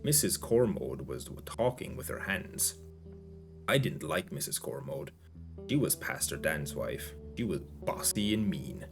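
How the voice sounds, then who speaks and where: A man's voice: extremely low pitch, big pitch swings, a little slow, over music, pitched below the performer's own voice, exaggerated voice. A man voicing a young woman with a child's mind who speaks in short, simple, childlike sentences, read aloud as a story. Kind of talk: audiobook-style reading.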